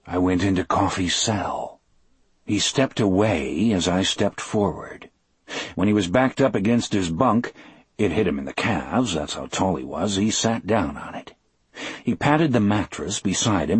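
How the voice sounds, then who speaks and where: A man narrating a first-person audiobook in a measured, expressive storytelling voice. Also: low-pitched, breathy edge, no room sound.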